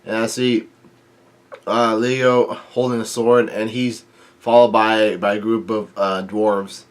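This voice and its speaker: A man casually reading through and recapping a manga chapter, halting with frequent ums and restarts. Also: lowish voice, little pitch movement.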